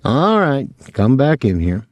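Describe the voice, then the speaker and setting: Man playing a cold sarcastic control-freak guy, mocking and curt, big pitch swings. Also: big pitch swings, moderate pace, a little mellow, no echo, close to an everyday voice.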